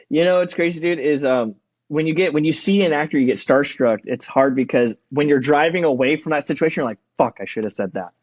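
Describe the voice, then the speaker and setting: A man's voice: on the high side, fairly quick, no echo, dull audio. A man in his thirties, a podcast guest, telling stories in casual chat, acting out quotes and swearing a lot.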